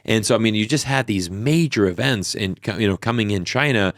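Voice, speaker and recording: A man's voice: on the low side, a little fast, no room sound, clean studio sound. A man in his thirties, telling stories in a casual interview with lots of fillers and restarts. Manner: animated storyteller, many fillers and restarts. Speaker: podcast guest.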